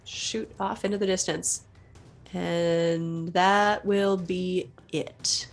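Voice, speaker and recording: A woman with a lowish voice plays in a tabletop game. She talks in a chatty way, stumbling on fillers as she works out her turn. Soft music sits behind her. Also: fairly even intonation, drawn-out words, vocal fry. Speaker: player. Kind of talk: casual tabletop game play.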